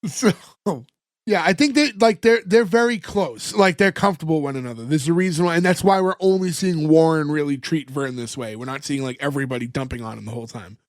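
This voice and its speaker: A man with a high-pitched voice talks through an episode on a podcast. He is animated and chatty. His sound is dry and close to the mic. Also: fast talker, no echo. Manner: animated, retells scenes by acting out the lines. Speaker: podcast co-host recapping an episode. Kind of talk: casual chat.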